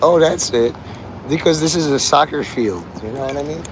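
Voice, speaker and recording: A man's voice: on the high side, moderate pace. A man livestreaming from a city street, rambling in casual chat with profane, darkly joking asides. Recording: loud street traffic noise. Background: vehicles and city ambience.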